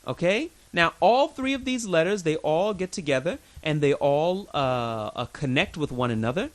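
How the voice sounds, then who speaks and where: A man's voice: fairly high pitch, lively intonation, moderate pace. A man teaching an Arabic lesson, patiently drilling pronunciation with lots of repetition, chatty and informal with his learners. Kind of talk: recorded language lesson.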